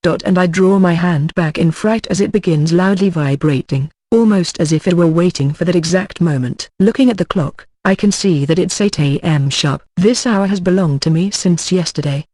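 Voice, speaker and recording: A man narrating an audiobook in the first person, with a tense, puzzled tone. His voice sits a little high for a man. The sound is dry and close to the mic, with no room echo. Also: moderate pace, hardly any pauses, warm tone.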